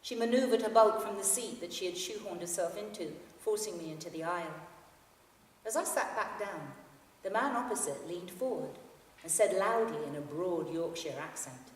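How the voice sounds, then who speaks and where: A woman's voice: lowish voice, normal speed. A woman in her fifties reading from her memoir to an audience in a library hall, with a dry, understated storytelling manner. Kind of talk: public book reading. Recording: echoey hall, mic from far off.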